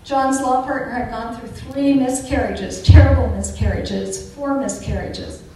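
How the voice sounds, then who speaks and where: A woman's voice: on the high side, steady tone, unhurried, warm tone, soft background music. An older woman giving an earnest, chatty personal faith testimony with fervent emphasis. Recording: echoey room from a distance, faint noise.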